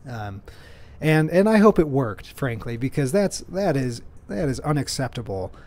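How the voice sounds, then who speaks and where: Guy rambling on his own podcast, chatty and self-deprecating, lots of ums, middle pitch. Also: very animated, moderate pace, darkish tone. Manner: rambling, self-deprecating storytelling with many fillers. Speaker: podcast host. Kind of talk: casual solo monologue.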